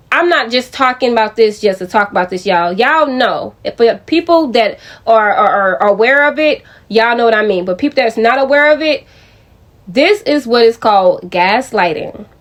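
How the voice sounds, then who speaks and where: A young woman talks straight to her viewers in a casual vlog. Her voice sits a little high, and her delivery is chatty, with frequent restarts as she tells a personal story. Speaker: vlogger.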